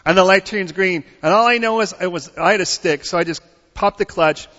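A man's voice: high voice, a little fast, pushed and bright. A man preaching a sermon, telling a story in a conversational way, then building to emphatic preaching and checking in with the congregation through questions. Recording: dull audio with long hall reverb.

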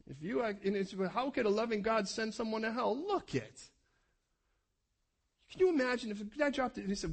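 A man preaching a passionate sermon as a pastor, swinging from loud urgent calls to quiet, soft prayer. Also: high-pitched, lively intonation, a little fast, breathy edge.

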